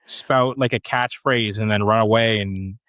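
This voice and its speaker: A man co-hosting a casual chat, telling a funny anecdote in a relaxed, filler-heavy way. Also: fairly low pitch, measured pace, no echo. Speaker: co-host.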